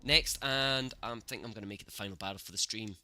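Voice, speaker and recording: A man streaming gameplay, reacting excitably to the match and talking to his chat, cursing at the game. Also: on the low side, fast talker. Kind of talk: live gameplay commentary.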